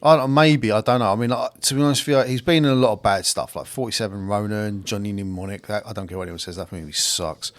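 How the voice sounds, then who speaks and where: A man's voice: lowish voice, fast talker, hardly any pauses, no room sound. A man co-hosting a casual film podcast, blunt and sweary, rambling with lots of fillers. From second-generation Irish. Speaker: podcast co-host.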